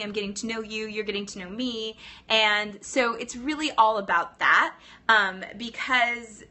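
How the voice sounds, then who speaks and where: A chatty woman talking to viewers on a casual live stream, bright and forceful in tone. She sounds upbeat and speeds up when she gets excited, tossing in "right?" and quick hellos. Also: medium pitch. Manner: upbeat, chatty, greets viewers often, says "right?" a lot. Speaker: Pilates studio owner live-streaming to viewers. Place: indoors in New York City.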